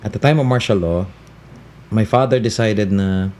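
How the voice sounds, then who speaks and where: Filipino DJ with an American accent. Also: male voice, on the low side, moderate pace, a little mellow. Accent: Californian-tinged American English. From Philippines. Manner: laughs often, mixes in Tagalog and Bisaya. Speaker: radio DJ and voice-over talent. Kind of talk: interview chat.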